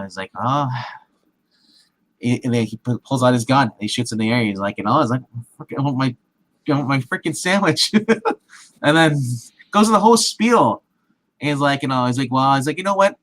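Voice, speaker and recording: A man's voice: medium pitch, animated, a little fast, fairly bright tone, rough recording. A man casually retelling a film scene with many restarts and acted-out quotes, as a movie show co-host. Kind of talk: casual movie recap chat.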